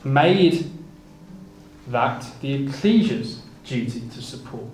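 A man's voice: medium pitch, animated, slow, a little mellow, faint music behind. A man preaching a Bible exposition sermon, reading King James scripture aloud and stumbling over repeated words as he explains it. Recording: echoey room with faint ambient noise.

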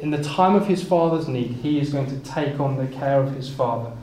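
A middle-pitched preacher with a darkish tone delivers a Bible sermon at a fairly quick pace, reading scripture in King James wording and explaining it in plain speech. He often stumbles and repeats small words while gathering his thoughts, in a roomy, echoey recording with faint background noise.

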